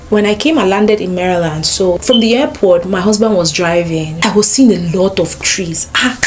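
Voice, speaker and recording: A young woman with a Cameroonian accent, telling stories to camera in a casual sit-down vlog, lively and full of exclamations. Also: mid-range voice, normal speed. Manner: animated, exclamations and playful asides. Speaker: vlogger. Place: sit-down room at home. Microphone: camera mic.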